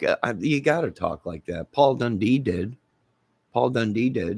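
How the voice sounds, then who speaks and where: A man's voice: mid-range voice, animated, measured pace, vocal fry. A man casually chatting with his viewers in a rambling, playful, jokey way. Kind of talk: casual live chat.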